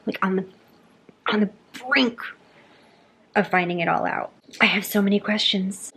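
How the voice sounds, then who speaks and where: A young woman vlogging about a book she is reading, gushing and animated as she acts out characters' lines in a casual chat. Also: medium pitch, vocal fry, a little hiss or hum.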